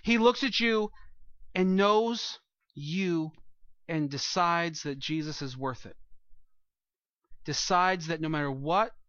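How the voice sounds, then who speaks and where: A man's voice: fairly high pitch, bright, forceful tone, no echo, muffled recording. A man preaching a sermon as pastor, earnest and rising to emphatic peaks, speaking to a congregation in a church room.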